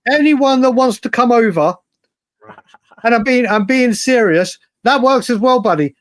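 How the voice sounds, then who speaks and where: High-voiced English man, chatty and emphatic. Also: expressive, a little slow, no echo. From England. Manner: chatty, emphatic, repeats himself. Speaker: podcast co-host. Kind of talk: casual chat.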